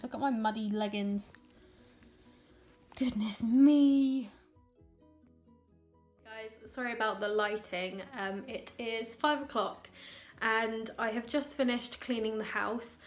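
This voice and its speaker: A woman in her twenties, vlogging in a rambling, chatty way and scolding her dogs. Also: mid-range voice. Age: 20s. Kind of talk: casual vlog chat. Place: outdoors in woods, later at home.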